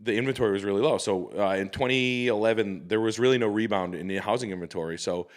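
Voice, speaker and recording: A man's voice: lowish voice, fast talker. Man telling rambling stories. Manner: rambling, profane storytelling with laughs. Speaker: guest comedian. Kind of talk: casual podcast chat.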